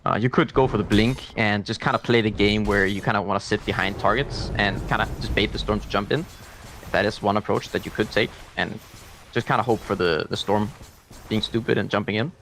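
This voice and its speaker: A man giving color commentary on a video game match, talking it through thoughtfully with many pauses and fillers. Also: fairly low pitch, fairly even intonation, a bit bright, slight background noise. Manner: thoughtful, hesitant, lots of fillers. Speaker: esports analyst.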